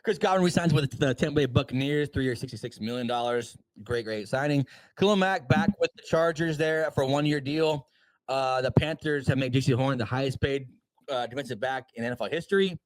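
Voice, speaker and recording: A man co-hosting a casual sports livestream, rattling through news items with quick offhand asides. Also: mid-range voice, no room sound, poor audio. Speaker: podcast co-host.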